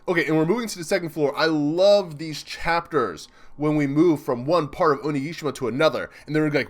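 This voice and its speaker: A young man excitedly commenting live as he reads a comic chapter, chatty and laughing often. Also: a little high, fairly quick, hardly any pauses. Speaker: streamer reacting to a manga chapter.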